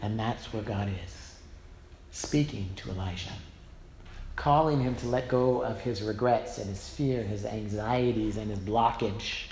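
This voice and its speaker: A man's voice: on the low side, a little slow, a little mellow. A man preaching a sermon as a pastor, telling stories in a personal, self-deprecating, conversational way, recorded in a church. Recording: roomy echo, faint background noise.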